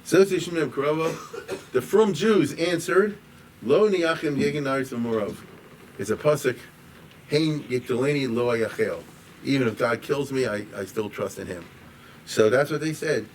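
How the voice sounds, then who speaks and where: A man teaching a class as a rabbi, in a conversational, digressive way that grows animated when he quotes. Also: mid-range voice, normal speed. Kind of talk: informal lecture. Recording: distant mic with faint room noise.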